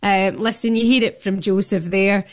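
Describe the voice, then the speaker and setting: A woman's voice: medium pitch, fairly even intonation, moderate pace. A woman guest on a radio phone-in, talking with gushing enthusiasm. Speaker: guest fan. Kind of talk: phone-in chat.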